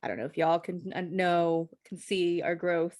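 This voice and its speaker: A woman's voice: lowish voice, fairly even intonation, moderate pace, darkish tone. A woman co-hosting a podcast in casual chat, talking expressively, teasing and often trailing off and restarting. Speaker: podcast co-host.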